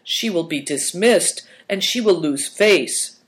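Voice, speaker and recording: A man reading aloud who voices a sensible young boy who speaks softly, earnestly and formally. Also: sits high, animated, takes it slowly, low-quality recording.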